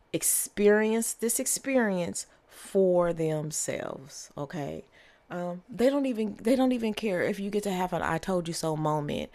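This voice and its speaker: A woman with a lowish, somewhat mellow voice gives a casual tarot reading. She's chatty and repetitive, full of fillers, and keeps checking in with "okay?".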